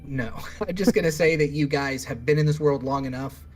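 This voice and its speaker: A man's voice: a little high, brisk, a little mellow. A man running a tabletop game as dungeon master, casual and laughing as he narrates, with some swearing.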